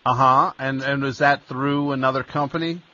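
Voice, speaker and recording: A man's voice: medium pitch, steady tone, normal speed, sharp tone, no echo, highs cut off. A male radio host talking with a caller in a sarcastic, incredulous way, often stammering. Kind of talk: radio call-in chat.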